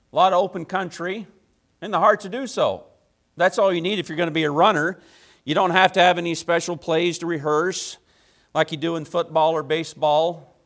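Addressing the congregation in a folksy, conversational manner, this male pastor preaches with emphatic repetition and rhetorical questions. His voice sits a little high and sounds a bit bright.

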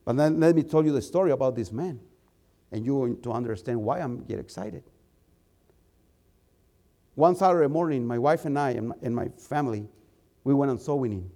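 A male preacher and missionary telling a story in a sermon, animated and repeating words as he gets excited. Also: medium pitch, brisk, pauses often.

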